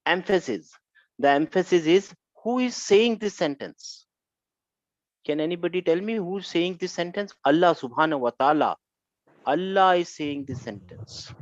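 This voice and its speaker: A man's voice: high voice, no echo, muffled recording. A man teaching an Arabic grammar class online, questioning students and repeating key phrases.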